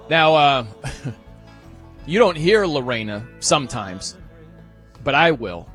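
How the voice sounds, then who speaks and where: A man's voice: fairly high pitch, very animated, slow pace, long pauses, a bit bright, faint music behind. A man hosting late-night sports radio, chatty and teasing, laughing easily with his co-workers on a studio mic. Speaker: radio host.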